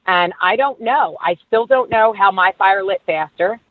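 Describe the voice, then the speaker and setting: A woman guest in her thirties telling stories in a casual interview, animated and full of "like", acting out who said what. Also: medium pitch, moderate pace, no room sound. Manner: animated storyteller, acts out quoted dialogue, lots of "like". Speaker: guest, former reality show contestant. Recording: dry, tinny phone-like line.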